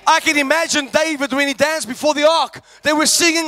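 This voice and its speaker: A man preaching a sermon, shouting and calling out to the congregation. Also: extremely high pitch, fairly even intonation, fairly quick. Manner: shouting, call-and-response preaching.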